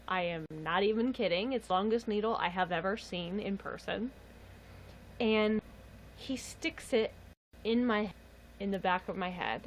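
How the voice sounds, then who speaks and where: A woman's voice: medium pitch, a little hiss or hum, low-quality recording. A young woman on a casual livestream, telling a story in a chatty, exasperated way and laughing often. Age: young adult. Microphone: webcam or phone mic.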